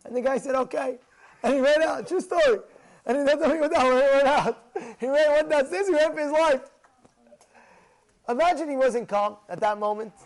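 A man's voice: very high-pitched, normal speed. A man teaching a Torah lesson, telling stories with frequent laughs and questions to his listeners. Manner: lively storyteller who laughs often and asks questions.

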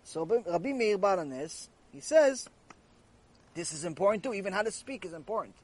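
High-voiced man giving a Torah lecture. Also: moderate pace. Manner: animated storyteller, repeats phrases, asks rhetorical questions. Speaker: rabbi teaching a lecture series.

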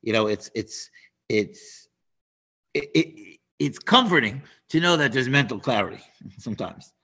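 A man teaching a Torah class, animated and prone to restarts and asides. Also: medium pitch, a little slow, breathy edge. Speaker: Bible teacher.

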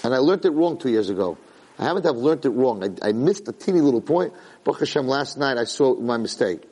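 A man teaching a Torah class, animated, jumping high when he acts out a yelling parent. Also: brisk, slightly rough. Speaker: Torah lecturer. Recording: long hall reverb.

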